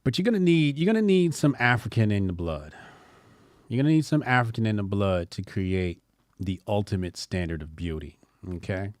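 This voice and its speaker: A man's voice: fairly low pitch, lively intonation, moderate pace, dry recording, studio quality. A man hosting a casual opinion show, talking bluntly with rambling, joking asides. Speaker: commentary show host.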